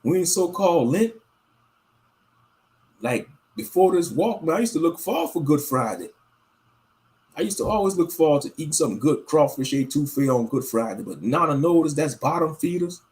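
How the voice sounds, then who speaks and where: A man's voice: on the high side, normal speed. Laid-back man, rambling talk. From Louisiana, US South. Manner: relaxed, drawling, repeats phrases, laughs often. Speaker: commentator. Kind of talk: casual rambling monologue.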